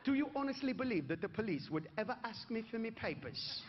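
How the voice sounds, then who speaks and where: A man voicing a calm, smug Englishman with an English accent who talks low and unbothered. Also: a little fast. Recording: dull live stage recording, audience noise.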